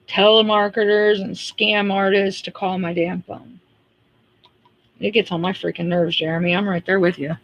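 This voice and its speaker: A woman chatting on a casual livestream, blunt and exasperated, venting at length with laughs breaking in. Her voice sits at an everyday middle pitch. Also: lo-fi sound. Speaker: livestream host.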